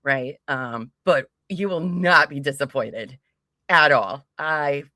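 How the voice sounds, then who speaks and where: A woman's voice: deep voice, takes it slowly, bright, forceful tone, dry recording, clean studio sound. A woman co-hosting a casual livestream, greeting viewers by name with frequent giggles. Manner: bubbly, giggly, reads chat names aloud. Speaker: livestream co-host.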